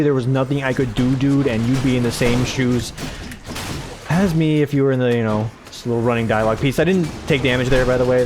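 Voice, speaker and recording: Dude chatting through a game run, rambly and self-mocking, faint music behind. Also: male voice, mid-range voice. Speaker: gaming video host. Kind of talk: casual let's-play commentary.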